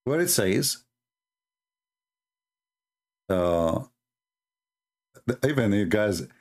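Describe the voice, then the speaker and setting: A man from the Middle East with an Arabic accent, a native Arabic speaker, giving a sarcastic, animated commentary as a Christian apologist. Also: on the low side, extremely slow. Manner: sarcastic, animated, laughs at his own points. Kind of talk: mocking commentary talk.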